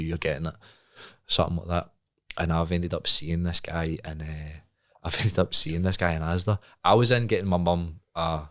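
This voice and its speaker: A young Scottish man with a deep voice recounts a story as a podcast guest. He laughs often and acts out the dialogue in casual chat. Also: a bit bright, no room sound, studio quality.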